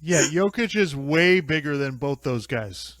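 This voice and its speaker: A man's voice: a little high, expressive, unhurried, fairly bright tone, dry recording, studio quality. A man co-hosting a casual sports podcast, arguing his points emphatically and insistently. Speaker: podcast co-host. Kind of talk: casual chat.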